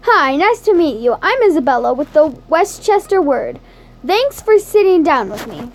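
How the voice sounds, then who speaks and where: A woman's voice: high voice, sing-song, normal speed, a little mellow. A woman voicing a perky teenage girl putting on a mock-formal ace reporter voice for an interview.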